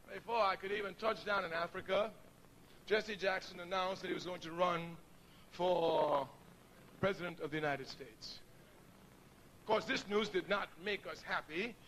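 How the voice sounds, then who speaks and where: A man's voice: sits high, pushed and bright, slight background noise. A middle-aged man giving a public speech to an audience, telling stories in an emphatic, preacherly way. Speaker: speaker addressing an audience.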